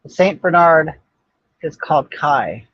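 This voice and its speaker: Blunt gossipy older guy chatting with viewers, kinda husky, muffled dry sound. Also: a little high, animated, measured pace, dry recording. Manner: sassy, gossipy, blunt, with frequent restarts. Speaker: livestream host. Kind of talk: casual chat reading viewer comments. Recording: dull, muffled dry audio.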